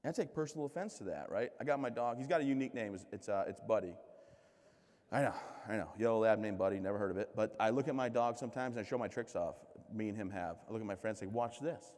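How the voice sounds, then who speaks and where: A man in his thirties from the United States giving a keynote speech as a string of comic stories, joking and poking fun at himself, with lively voices for the people he quotes. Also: on the low side, quick pace. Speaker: keynote speaker. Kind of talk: comedic storytelling speech. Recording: reverberant hall.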